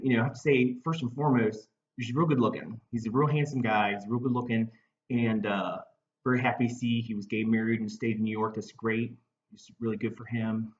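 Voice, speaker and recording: A man's voice: on the low side, highs cut off. A man comedian with a Baltimore accent, delivering a rambling, mock-earnest comic monologue full of filler words. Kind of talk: deadpan comic monologue to camera.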